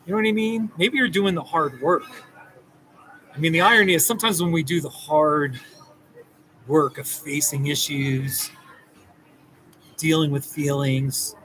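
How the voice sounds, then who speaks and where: A man who works as a therapist, talking casually and gently to the camera, rambling and reassuring. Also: a little high, normal speed, a little hiss or hum, poor audio. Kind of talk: casual direct-to-camera talk.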